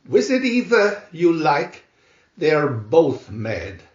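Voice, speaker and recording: A man's voice: fairly high pitch, wildly swooping pitch, takes it slowly, heavily acted. A man voicing a grinning, teasing male cat in a storybook reading, with a sly, riddling manner. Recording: roomy muffled home recording.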